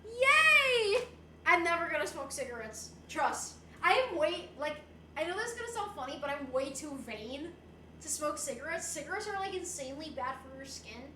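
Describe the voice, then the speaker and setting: Young woman streamer, playful and giggly, very high and bright, roomy echo. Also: sing-song, normal speed, background noise. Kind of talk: casual livestream chat, reading viewer messages.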